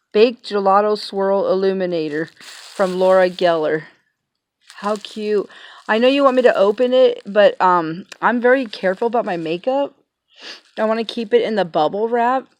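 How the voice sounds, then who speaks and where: A woman in a casual unboxing vlog, talking in a grateful, emotional way with many pauses, fillers and restarts. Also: mid-range voice. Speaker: vlogger. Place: home, passing cars heard outside.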